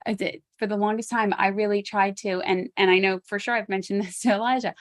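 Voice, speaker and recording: A woman's voice: mid-range voice, fairly even intonation, normal speed, dry recording. A woman guest-hosting a talk on self-care, encouraging and laughing often as she repeats key points. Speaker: guest host.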